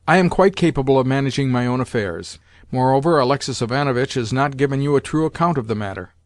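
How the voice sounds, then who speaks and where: A man's voice: medium pitch, fast, no room sound, close to an everyday voice. A man voicing a lofty, sneering general in an audiobook reading, in a condescending tone. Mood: haughty. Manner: haughty and condescending. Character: lofty, sneering middle-aged army general.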